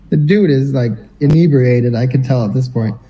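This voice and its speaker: A man's voice: mid-range voice, unhurried, lo-fi sound. A man co-hosting a podcast, telling a long personal story in casual chat and acting out what people said. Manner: animated anecdotal storyteller, acts out quotes. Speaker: podcast co-host.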